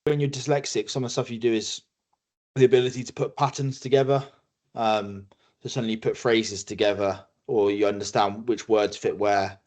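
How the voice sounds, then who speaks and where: A man from England chats as a podcast guest in a fairly low voice. He tells anecdotes loosely, stumbling over restarts and slipping into little impressions of the people he quotes. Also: fairly even intonation, fairly quick, darkish tone. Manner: storytelling with many restarts, acting out quoted voices. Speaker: guest, rugby player. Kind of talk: casual podcast conversation.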